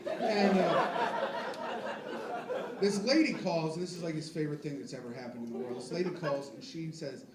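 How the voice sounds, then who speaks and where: On a comedy club stage, a man in his twenties runs through a crude, self-deprecating stand-up set, rambling off into asides to the crowd. His voice sits on the high side at a normal pace, broken by long pauses. The mic is far away in an echoey club, and the crowd is loud.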